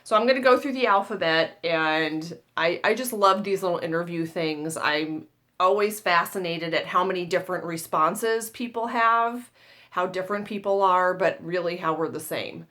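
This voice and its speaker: Woman in her forties, from the US, slightly low voice, casual vlog chat, self-mocking. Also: moderate pace, bright, forceful tone. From United States. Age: 40s. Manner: chatty, self-deprecating, laughs at herself. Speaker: tarot channel host.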